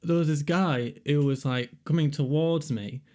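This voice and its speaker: A man's voice: fairly high pitch, moderate pace, a little mellow. A man with a Yorkshire accent, co-hosting a podcast in casual chat, telling stories and laughing often. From York, England. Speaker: podcast co-host.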